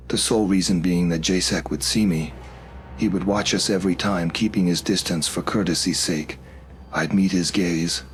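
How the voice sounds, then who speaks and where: A man narrating a first-person horror story in a steady, measured way. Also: low voice, a little hiss or hum. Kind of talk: scripted narration.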